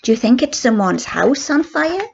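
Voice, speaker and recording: A woman's voice: high voice, sing-song, moderate pace, vocal fry, a little mellow, breathy edge, highs cut off, voice pushed up, exaggerated voice. An older woman reading aloud, voicing a curious young girl with lilting, wondering questions. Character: curious young girl Daisy, bright and chatty.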